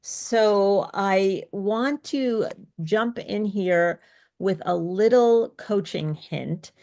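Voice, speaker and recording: Slow-talking woman speech coach. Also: mid-range voice, darkish tone. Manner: encouraging, asks checking questions. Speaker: speech coach, co-host of webinar. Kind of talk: live online workshop presenting.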